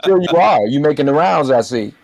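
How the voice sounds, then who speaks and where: A man's voice: fairly high pitch, animated, brisk, creaky, darkish tone, no echo. A man hosting an interview, greeting his guest in a friendly, conversational way. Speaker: show host. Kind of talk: casual interview.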